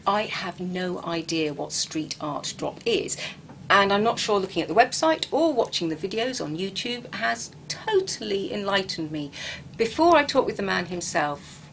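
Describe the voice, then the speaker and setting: Brief: English-accented woman host, mid pitch, enthusiastic interviewer, faint background noise. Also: big pitch swings, normal speed, creaky, poor audio. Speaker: radio-style show host, interviewer. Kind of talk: interview chat.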